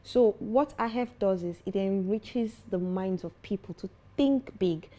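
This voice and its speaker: A woman's voice: mid-range voice, normal speed. A young adult woman, a foundation founder, talking earnestly and confidently as an interview guest. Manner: earnest, confident, animated when telling stories. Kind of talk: interview conversation.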